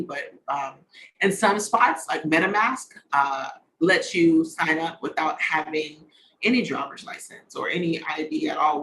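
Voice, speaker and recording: A man's voice: on the high side, fairly bright tone, slight background noise, poor audio. A man hosting an online conference over a video call, chatty and slangy, drifting off on tangents as he talks. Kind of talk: casual talk on a video call.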